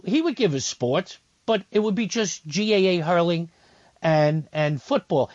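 A man's voice: sits high, darkish tone, no room sound. A man co-hosting a radio show, ranting with indignation in casual chat. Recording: muffled lo-fi radio audio.

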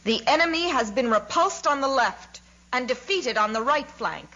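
A woman's voice: mid-range voice, moderate pace, fairly bright tone, muffled recording, lightly acted. A woman reading aloud, voicing an emotional, stubborn old male commander who bursts out in choked indignation. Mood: furious. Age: over 60.

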